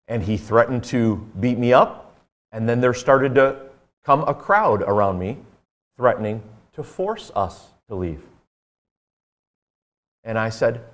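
A man's voice: lowish voice, a little slow, long pauses. A man preaching a sermon, telling a personal story in an earnest, conversational way with frequent fillers.

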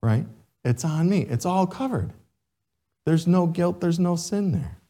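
Animated male pastor preaching slowly. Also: fairly high pitch. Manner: animated, repeats "right?" to the congregation. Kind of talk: sermon.

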